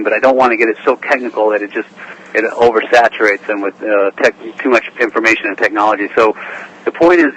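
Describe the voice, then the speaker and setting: A man being interviewed on talk radio, earnestly explaining how gold deposits form, with frequent pauses. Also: mid-range voice, bright, forceful tone, rough recording. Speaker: guest, gold prospecting expert. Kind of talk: interview answers.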